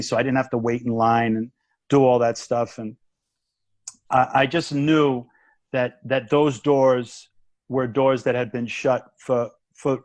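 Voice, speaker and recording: A man, a guest comedian, telling a story in a casual chat, animated and acting out the voices and the punchline. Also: medium pitch, dry recording. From United States.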